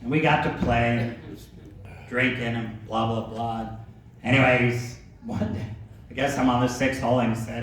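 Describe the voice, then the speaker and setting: A man's voice: medium pitch, steady tone, normal speed. A man telling a laid-back, laughing anecdote about an old golf buddy, swearing freely and heard from far off in an echoey room. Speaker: storyteller remembering a friend. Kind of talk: casual anecdote. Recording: echoey room, mic from far off, ambient noise.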